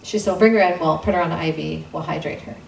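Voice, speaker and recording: A gravelly, lowish-voiced woman talks fast while earnestly sharing her personal testimony as a guest in an intimate church gathering room. When she replays dialogue, her pitch jumps abruptly. The sound is roomy from a distant microphone, and faint noise is present.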